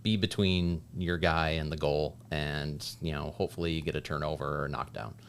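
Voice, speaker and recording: A very deep-voiced man from upstate New York speaks as a podcast guest, reflective and plain-spoken as he gives advice. A faint low rumble runs under his voice. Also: steady tone, brisk, vocal fry. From Liverpool, New York. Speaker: podcast guest, lacrosse player and referee. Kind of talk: casual podcast conversation.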